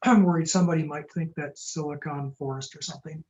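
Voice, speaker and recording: A man, a startup lawyer, giving a quick, jokey webinar talk and answering audience questions over a video call. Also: fairly high pitch, steady tone, a little mellow, highs cut off, slight background noise. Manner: fast-talking, jokey and upbeat.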